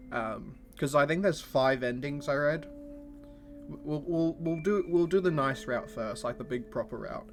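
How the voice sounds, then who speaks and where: A man streaming a visual novel in casual chat, reading its lines aloud and giggling, often tripping over restarts. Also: medium pitch. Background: lo-fi background music.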